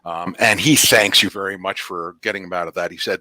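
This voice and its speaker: A man's voice: low-pitched, fairly even intonation, brisk, sharp tone, no echo. A man narrating a tabletop game as game master, rambling with fillers and restarts.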